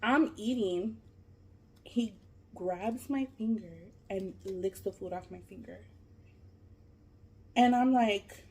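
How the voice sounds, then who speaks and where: A woman vlogger telling a long story while she eats, casual and animated, full of fillers and swearing. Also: mid-range voice, normal speed. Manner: animated, profane, lots of fillers. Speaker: mukbang vlogger.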